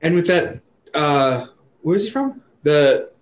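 High, wildly animated young man. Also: takes it slowly, reverberant. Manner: goofy, laughs a lot. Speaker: podcast co-host. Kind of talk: casual chat.

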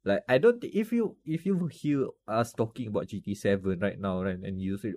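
A man with a Malaysian English accent co-hosting a casual gaming podcast, relaxed and giving advice. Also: lowish voice, brisk, hardly any pauses, slight background noise. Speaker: podcast co-host. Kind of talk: casual chat.

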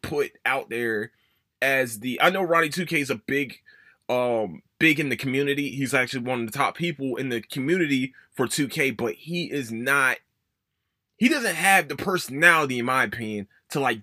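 Animated man ranting about sports. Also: husky, no room sound, clean studio sound. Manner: emphatic, profane, jumps up in pitch for emphasis. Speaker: podcast host. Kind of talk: casual sports podcast rant.

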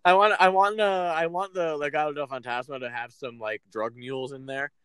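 A man's voice: a little high, steady tone, fairly quick, fairly bright tone, clean tone, no echo. A man co-hosting a casual podcast, speaking hesitantly with many fillers and joking. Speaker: podcast co-host.

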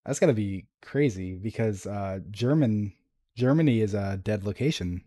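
A man's voice: fairly low pitch, moderate pace, mellow, no echo, studio quality. A man talking casually about game lore, rambling with fillers and restarts as he reads entries aloud. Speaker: podcast co-host discussing game lore.

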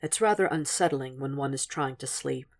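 Woman reading as a calm creepy doctor guy, low quiet dry murmur. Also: normal speed, creaky, full character voice. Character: cultured menacing male psychiatrist, calm, soft-spoken.

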